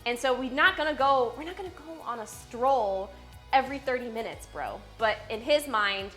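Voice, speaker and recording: Young female streamer, upbeat and playful, higher voice, faint music behind. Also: animated, normal speed, a bit bright. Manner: bubbly, playful, reads chat aloud and answers it. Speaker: fitness streamer and personal trainer. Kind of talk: casual live-stream chat.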